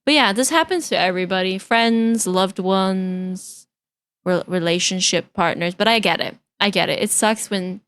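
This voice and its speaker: A woman's voice: medium pitch, normal speed, fairly bright tone, clean tone, no echo. Woman, VTuber streamer, casual reaction chat, candid, rambling, exasperated, dry close sound. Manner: candid, rambling, with restarts and repeated phrases; exasperated venting.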